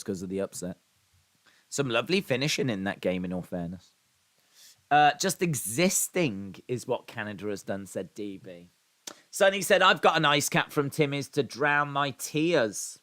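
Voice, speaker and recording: A man's voice: mid-range voice, fairly bright tone. A man hosting a live watch-along, reading viewers' comments aloud and answering them in a chatty way, repeating phrases and using fillers. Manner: reads viewer comments aloud and responds conversationally. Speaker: live stream host.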